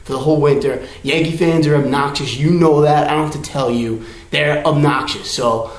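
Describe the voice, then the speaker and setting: A man's voice: fairly high pitch, steady tone, normal speed, echoey room. A man delivering a comic pleading rant to the camera, a sports fan begging again and again with theatrical desperation. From New York area.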